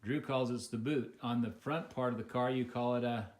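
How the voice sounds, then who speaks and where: An American man steers a casual home-video interview from a living room. He talks in a halting way, with frequent fillers and false starts, at a middle pitch that is neither high nor low. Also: steady tone. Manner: halting, many fillers and restarts.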